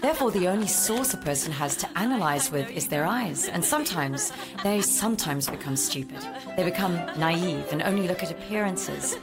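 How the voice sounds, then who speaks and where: A woman giving a measured, moralizing voice-over narration in a dubbed drama. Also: lowish voice, animated. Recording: voice-over with loud music score.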